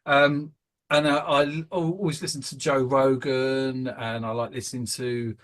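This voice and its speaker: A British man hosts a casual podcast, rambling hesitantly with lots of ums and restarts. His medium-pitched voice is flat, a little slow, and fairly bright.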